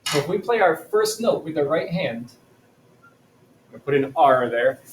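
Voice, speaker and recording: A man's voice: fairly high pitch, expressive, measured pace, slight background noise. Man teaching drumming in an echoey classroom. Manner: patient, clear teaching, chanting rhythms. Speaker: music teacher. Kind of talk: classroom lesson video. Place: classroom with a chalkboard.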